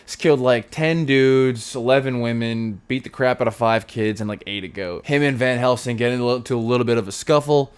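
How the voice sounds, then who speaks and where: A man's voice: mid-range voice, brisk, few pauses, smooth. A man in his thirties reviewing a movie in a casual, jokey, sarcastic way, rambling through the plot.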